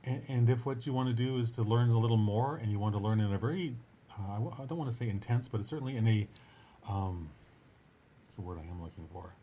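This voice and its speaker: Fairly low in pitch and dark in tone, this man's voice moves at a quick pace over a little hiss or hum. Hosting his own show as a writing coach, he gives an earnest, encouraging motivational monologue in a casual style, with frequent restarts and cheerful asides.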